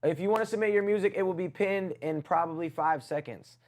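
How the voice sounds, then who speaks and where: A man's voice: high-pitched, brisk, a little mellow. A man hosting a casual music review livestream, teasing his chat in playful banter.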